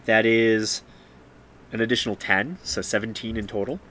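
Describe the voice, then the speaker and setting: A man running a tabletop game as game master, relaxed and peppered with fillers and small laughs. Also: fairly low pitch, moderate pace. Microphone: streaming microphone.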